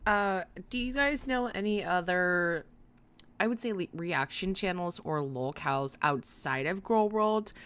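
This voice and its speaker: A woman's voice: on the low side, fairly bright tone. A woman hosting a casual livestream, talking in a sarcastic, rambling way and swearing now and then. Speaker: livestream host.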